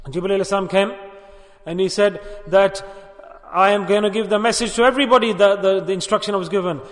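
A man's voice: high-pitched, fairly bright tone. A man preaching a sermon, telling a story and urging his listeners, with Urdu and Arabic religious words woven in. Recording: long hall reverb.

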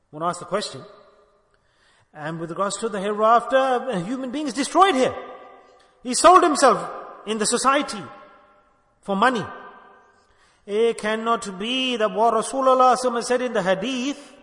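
A man's voice: high voice, lively intonation, moderate pace, pauses often, pushed and bright. An older man preaching a sermon, emphatic and full of rhetorical questions put to his listeners. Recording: echoey hall with long reverb.

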